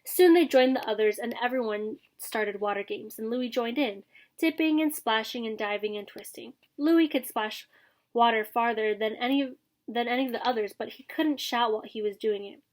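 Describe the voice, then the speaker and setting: A woman teacher reading a children's chapter book aloud for a lesson in a gentle, steady storytelling manner. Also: fairly high pitch, moderate pace.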